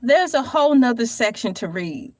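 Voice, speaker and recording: A woman's voice: on the high side, very animated, normal speed, a little mellow, no echo. A woman vlogging on her own, reading aloud and joking with viewers in a playful, theatrical way, laughing often. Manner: colloquial, addresses viewers as y'all. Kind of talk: casual solo vlog, reading aloud and joking.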